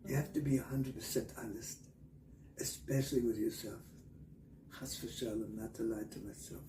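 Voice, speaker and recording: A man telling a Torah story in a lilting, half-sung voice, swinging between loud and hushed. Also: mid-range voice, steady tone, normal speed. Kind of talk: sung-through storytelling sermon. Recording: roomy and distant, loud guitar behind. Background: guitar music.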